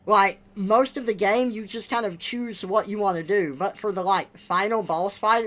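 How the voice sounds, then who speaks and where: A man's voice: sits high, moderate pace, few pauses, fairly bright tone. A young man on a live stream, ranting bluntly and with exasperation, swearing now and then. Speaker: livestreamer. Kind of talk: casual live-stream rant.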